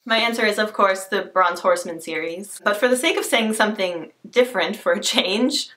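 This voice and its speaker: A woman with a bright, clear voice chats to her camera about books she loves. She gushes and teases herself in a casual vlog. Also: medium pitch. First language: not Scottish, cannot do the accent. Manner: gushing, expressive, self-deprecating. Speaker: book vlogger. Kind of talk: casual book tag vlog.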